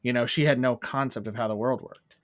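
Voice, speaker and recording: A man in a casual movie review chat, rambling and animated, acting out bits of scenes as he goes. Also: mid-range voice, brisk, a loud crowd. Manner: rambling, animated, acts out quotes. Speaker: podcast co-host.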